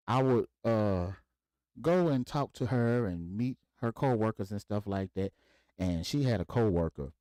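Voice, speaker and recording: A man's voice: low-pitched, no echo. A man from Mississippi, hosting a podcast and telling a story casually, acting out the voices of the people in it. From Mississippi, USA. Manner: animated, acts out voices in quoted dialogue. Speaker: podcast host.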